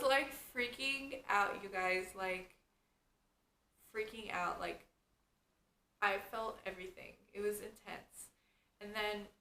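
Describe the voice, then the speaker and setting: Telling a story vlog-style, a young adult woman talks casually and keeps dropping "like" and "you guys." Her mid-range voice is a bit bright, and the room is echoey with faint background noise.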